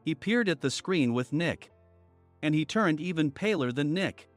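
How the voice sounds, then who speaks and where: A man narrating a first-person workplace story in an even storytelling manner. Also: a little high, a little slow, no echo. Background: faint music.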